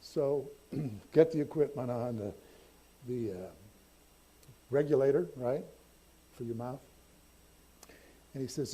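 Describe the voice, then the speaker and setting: Older man, pastor, chatty sermon storyteller with a breathy, mellow voice. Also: mid-range voice. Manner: conversational, self-deprecating, halting restarts. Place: church sanctuary.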